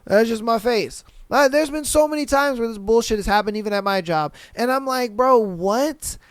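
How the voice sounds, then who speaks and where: A young podcast host with a very high, smooth voice rants bluntly and animatedly at a moderate pace, swearing a lot and doing mocking voices of people in casual commentary. No room sound is present.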